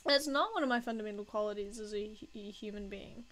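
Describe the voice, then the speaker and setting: A woman's voice: mid-range voice, fast talker, a bit bright, low-quality recording. A woman casually chatting and joking at her own expense while she draws on a live stream. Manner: self-mocking, joking, laughs often.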